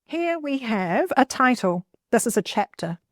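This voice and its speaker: A middle-aged woman teacher, giving a clear, expressive classroom lesson and stressing key words for young readers. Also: on the high side, a little slow, no echo, studio quality.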